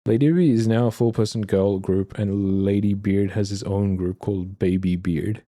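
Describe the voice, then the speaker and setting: A young man from Australia is doing casual live-stream chat, reading messages from viewers and replying with a rambling, laughing manner. His voice is fairly low and dark, steady in tone, at a normal speed.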